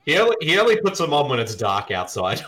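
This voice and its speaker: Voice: mid-range voice, big pitch swings, fast, fairly bright tone. A podcast co-host chatting casually during a movie watch, giggling often and slipping into playful bits. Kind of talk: casual movie commentary chat.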